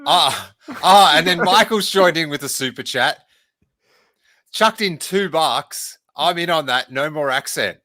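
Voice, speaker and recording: A man's voice: on the high side, unhurried, sharp tone, no echo, clean studio sound. A man hosting a livestream podcast in a casual, playful, rambling chat. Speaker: podcast host.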